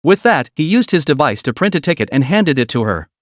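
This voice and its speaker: A man narrating a comic story recap in a brisk storytelling manner. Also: fairly high pitch, sing-song, dry recording, studio quality.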